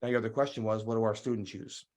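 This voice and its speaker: A man's voice: lowish voice, very fast. A middle-aged man telling stories as a guest in a podcast interview, acting out the dialogue he recalls. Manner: animated storyteller, acts out quoted dialogue. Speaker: guest real estate investor.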